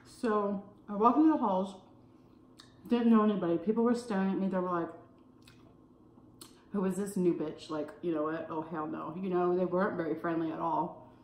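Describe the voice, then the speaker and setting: A woman from California telling a casual story while eating, full of "like" fillers and pauses to savor her food. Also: lowish voice, fairly even intonation, a little mellow. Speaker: food vlogger. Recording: roomy echo.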